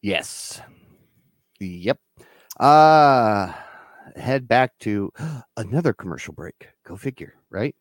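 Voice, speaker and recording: A man's voice: on the low side, lively intonation, takes it slowly, dry recording, studio quality. A man co-hosting a podcast, recapping wrestling shows in a laid-back, casual way and laughing easily. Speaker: podcast co-host.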